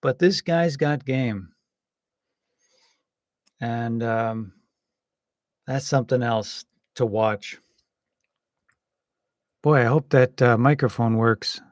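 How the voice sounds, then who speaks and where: Slow, rambling man musing aloud. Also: medium pitch, darkish tone, no echo, clean studio sound. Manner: rambling and hesitant, full of pauses; wry and joking. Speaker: political commentator. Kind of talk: casual political commentary.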